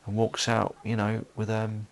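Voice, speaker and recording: A man's voice: on the low side, monotone, moderate pace, vocal fry. A man giving a solo film commentary, rambling with many fillers and restarts.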